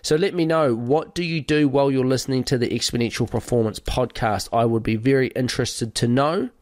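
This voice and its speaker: A male podcast host talks listeners through training ideas in an easy, conversational way, listing points and pausing on the odd filler. His voice sits in a middle register. The recording is close and dry, with no room sound. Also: medium pitch, a little mellow, no room sound. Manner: conversational, explains with lists and fillers. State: recovering from a cold. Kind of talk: podcast monologue.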